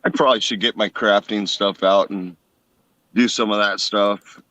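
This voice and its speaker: A man's voice: on the low side, fairly even intonation, normal speed, sharp tone, dry recording. A man joking and chatting on a live stream, laughing easily. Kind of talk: casual live stream chat. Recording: dull lo-fi stream audio.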